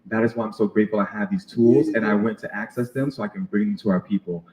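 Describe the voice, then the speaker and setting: Earnest low-voiced man, sound healer. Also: steady tone, fast, a little mellow, roomy sound, slight background noise, low-quality recording. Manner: earnest, reflective, many fillers. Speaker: sound healer, podcast guest. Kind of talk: casual interview conversation.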